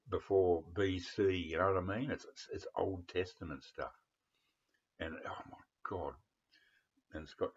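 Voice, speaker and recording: A man's voice: low voice, husky. An Australian man chatting about his favourite records in a rambling, blunt way, swearing freely and trailing off into mutters, on a dull lo-fi recording. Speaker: vlogger. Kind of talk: casual chat about records.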